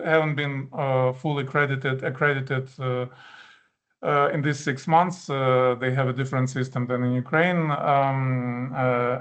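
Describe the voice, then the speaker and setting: A male ambassador giving a formal talk in an even, monotone voice. He speaks with measured frankness and stops often to hesitate and restart his sentences. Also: mid-range voice, smooth. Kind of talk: formal speech at a policy event.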